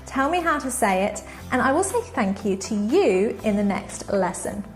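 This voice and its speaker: A woman teaching an online lesson, with clear, expressive delivery and sweeping intonation. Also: medium pitch, moderate pace, faint music behind. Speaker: English teacher.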